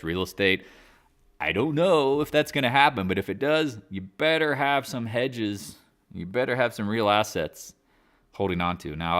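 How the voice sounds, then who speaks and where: A man's voice: low-pitched, sharp tone. A man hosting a live market chat stream in a casual, rambling way, drifting off on tangents and slangy asides. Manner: loose, slangy. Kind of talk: casual livestream market commentary.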